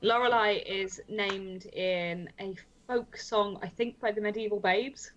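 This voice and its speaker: A woman's voice: medium pitch, fairly even intonation, a little slow, fairly bright tone, highs cut off, a little hiss or hum. Playful woman player, casual chat at the game table. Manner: playful, questioning.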